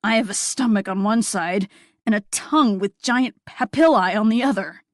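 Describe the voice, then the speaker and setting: A woman's voice: mid-range voice, normal speed, dry recording, clean studio sound, close to an everyday voice. A woman voicing a flustered young man who gushes apologies and rambles about his love of food. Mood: apologetic.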